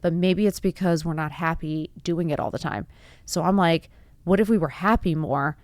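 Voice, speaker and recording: A woman in her forties pours out a motivational monologue, asking question after question and pressing her points with sudden emphasis. Her voice sits low for a woman, and the recording is dry and close, with no room around it. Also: moderate pace, darkish tone, no echo. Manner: earnest, rhetorical questions, rising to emphatic bursts. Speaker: podcast host.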